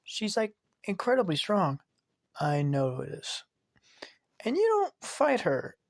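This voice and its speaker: A man's voice: wildly swooping pitch, slow pace, creaky, no echo, studio quality, full character voice. A man voicing a skeptical talking lock mechanism in a raised, questioning voice. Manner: high, questioning.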